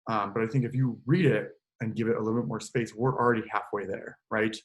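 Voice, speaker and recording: This choir director talks fast in a fairly low voice as he leads a relaxed online choral lesson. Between explanations, he sometimes sings short examples into a computer microphone.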